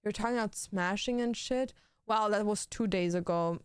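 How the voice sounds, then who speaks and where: Young woman streamer, casual gaming chat, blunt, swears a lot, smooth voice, dry close sound. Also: medium pitch, normal speed, no echo. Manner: blunt, swears freely, lots of fillers.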